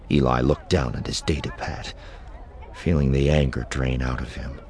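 A man narrating an audiobook in an expressive, storytelling manner. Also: extremely low pitch, moderate pace, gravelly. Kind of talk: scripted narration.

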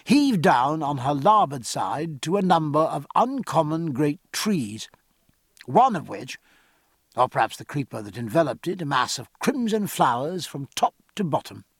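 Husky, lively male audiobook narrator. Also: on the high side, dry recording, studio quality. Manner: measured, expressive storytelling. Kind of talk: scripted narration of a historical sea novel.

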